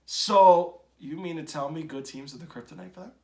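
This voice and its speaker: A man hosting a sports podcast, talking bluntly and ranting, swinging from loud outbursts to low mutters. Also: normal speed. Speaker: podcast host. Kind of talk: casual opinionated sports talk.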